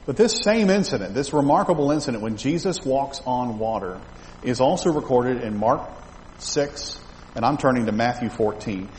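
A man's voice: medium pitch, animated, normal speed, darkish tone. A man preaching in a loose, chatty style, stopping to restart and toss asides to his listeners. His voice sits in the middle of the range and carries a long tail of reverb through the sanctuary, with a faint ambient hum underneath. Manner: conversational, with restarts and asides to the congregation. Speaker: pastor. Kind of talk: expository sermon. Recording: echoey hall, faint ambience.

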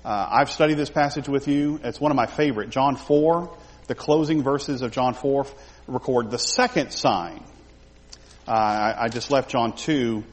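A man's voice: medium pitch, normal speed, in a large hall. A man teaching a Bible study, talking the group through a passage and acting out the quoted lines in character.

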